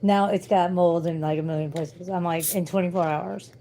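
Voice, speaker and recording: A woman's voice: lowish voice, steady tone, moderate pace, warm tone, slight background noise, low-quality recording. Tired, blunt woman livestreaming casually. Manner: blunt, swearing, tired and complaining. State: tired and in pain.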